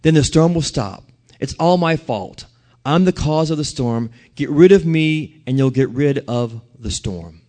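A tired, guilt-laden prophet, as a preacher voices him, speaking lower and quieter than the preacher's own talk, slow and resigned. The confession sits in a church sermon retelling the story. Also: male voice, animated. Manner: subdued, resigned.

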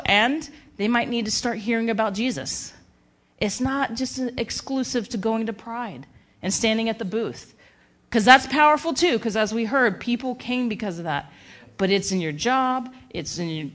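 Animated woman preaching with conversational ease. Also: medium pitch. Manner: animated and conversational, acts out inner dialogue. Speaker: speaker at a church gathering. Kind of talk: sermon with personal story.

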